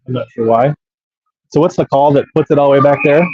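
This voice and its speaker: A man giving steady, matter-of-fact play-by-play commentary on a youth hockey game in an ice arena. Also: medium pitch, fast talker, slightly rough, dry recording, lo-fi sound.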